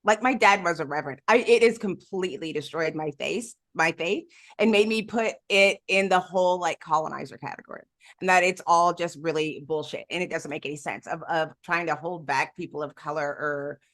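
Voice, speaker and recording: A woman co-hosting a podcast in casual chat, animated, laughing often and jumping between topics. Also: low-pitched, brisk. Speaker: podcast co-host.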